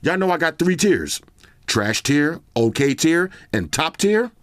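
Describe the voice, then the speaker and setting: A man's voice: a little high, big pitch swings, unhurried, no room sound, studio quality. A man casually reviewing earbuds on his channel, chatting straight to viewers in slang. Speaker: product reviewer. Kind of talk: casual tech review vlog.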